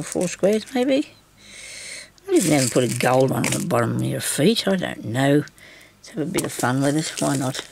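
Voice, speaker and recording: Woman crafter, gravelly, chatty and reassuring, muttering as she works. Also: low-pitched, noisy background. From Australia. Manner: chatty, reassuring, talks to herself while working. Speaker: craft tutorial host. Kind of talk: casual craft tutorial talk.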